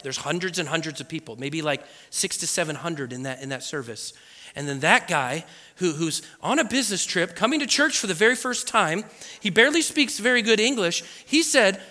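A man preaching a personal testimony, telling the story with animated energy and acting out what people said. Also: sits high, brisk, long reverb tail. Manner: animated storytelling, acts out quotes. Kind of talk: sermon testimony.

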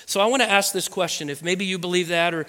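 Guy preaching his testimony, high bright voice, big echoey hall. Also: fast talker. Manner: animated storytelling, acts out quotes. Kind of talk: sermon testimony.

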